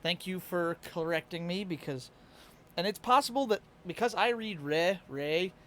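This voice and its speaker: A man's voice: sits high, normal speed, a bit bright. A tired man with a Midwestern American accent, chatting casually and laughing often as he streams live to his chat. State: a little tired.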